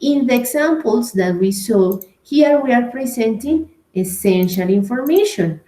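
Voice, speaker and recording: Slow, patient woman teaching grammar. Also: fairly high pitch, lively intonation, dark tone. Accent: Colombian Spanish. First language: Spanish. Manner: explains patiently, checks in with "right?" and "okay?". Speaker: English teacher. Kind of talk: online grammar class. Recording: echoey room.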